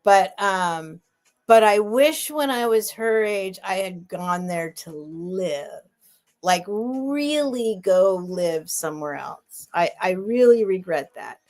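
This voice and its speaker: A woman's voice: medium pitch, lively intonation, slow, darkish tone. A middle-aged woman hosting a casual live sale stream, talking in a chatty, rambling way with emotional asides.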